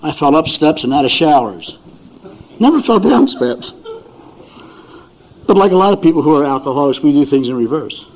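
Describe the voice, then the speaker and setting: A man's voice: a little high, big pitch swings, normal speed, long pauses. Older man telling folksy stories. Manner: folksy, chuckles through his stories, acts out family voices. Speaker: speaker at a recovery meeting. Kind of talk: storytelling talk to an audience. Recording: dull lo-fi recording.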